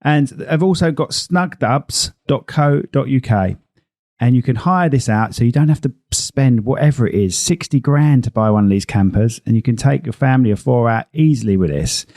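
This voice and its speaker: A man's voice: mid-range voice, moderate pace, a little mellow, dry recording, clean studio sound. Rambling chatty man. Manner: chatty, rambling, self-mocking. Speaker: podcast co-host. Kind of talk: casual chat.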